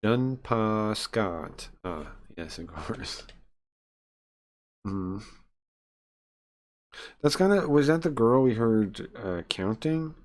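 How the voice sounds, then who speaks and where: A man's voice: lowish voice, animated, drawn-out words, long pauses. A man streaming a visual novel, reading its text aloud and chatting casually between passages, with frequent filler ums. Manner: rambling, many filler ums, reads game text and chats between. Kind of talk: casual live-stream chat and read-aloud.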